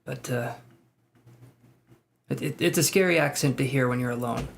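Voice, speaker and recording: A man's voice: mid-range voice, moderate pace, creaky, a little hiss or hum. A man hosting a live tarot reading stream, chatting casually, greeting viewers by name and joking about himself.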